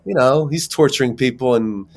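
A man, an actor, chatting as an interview guest and telling lively stories with frequent laughs. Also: mid-range voice, normal speed. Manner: animated storyteller, laughs often. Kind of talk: casual interview chat.

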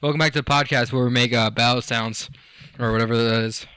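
A man's voice: mid-range voice, steady tone, quick pace, bright, forceful tone, clear, resonant tone, dry recording, clean studio sound. A young man co-hosting a casual podcast, rambling and joking with lots of fillers, restarts and swearing. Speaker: podcast co-host. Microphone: studio microphone.

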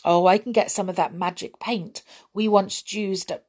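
A woman voicing an excitable small male brownie in a storybook, talking in a breathless, gushing way. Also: mid-range voice, normal speed, slightly rough, natural voice. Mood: excited.

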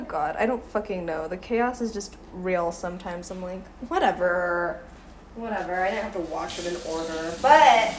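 A woman's voice: on the high side, a little hiss or hum. A young woman rambling through a profane, self-mocking storytime while she cooks breakfast in her kitchen. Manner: chatty, profane, self-deprecating. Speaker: vlogger. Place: home kitchen.

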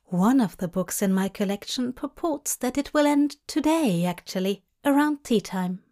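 A woman's voice: fairly high pitch, lively intonation, moderate pace, warm tone, close to an everyday voice. A woman reading a story aloud and voicing a polite, fussy male audiobook narrator with old-fashioned phrasing. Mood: courteous.

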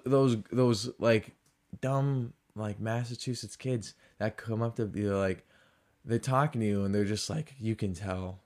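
Rambling, sarcastic male podcast host. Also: mid-range voice. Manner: rambling, sarcastic, heavy on "like" fillers. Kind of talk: casual comedic monologue.

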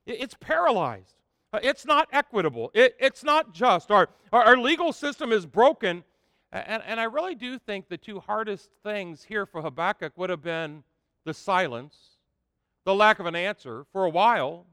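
In a church sermon, a pastor with a high, bright, crisp voice reads scripture with rising emphasis and lively intonation. He fills pauses with frequent "uh"s, and the dry close sound carries a long hall reverb behind it.

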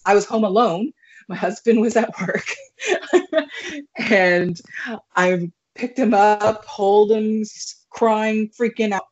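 A young woman telling a story as a podcast guest, animated and laughing, with plenty of fillers. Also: medium pitch. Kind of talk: casual storytelling. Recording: muffled lo-fi recording.

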